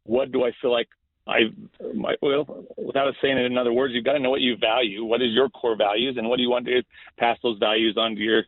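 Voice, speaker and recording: A middle-aged school principal tells a story during a relaxed podcast interview, sounding earnest and frequently restarting his sentences. His mid-range voice is flat and fast. The sound is dry with no echo, but thin like a phone line.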